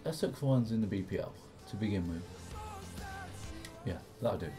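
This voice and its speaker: A young man swearing and reacting excitedly while commentating his own football video game, with game music behind him. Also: on the low side, moderate pace. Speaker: gaming commentator. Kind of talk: casual gameplay commentary.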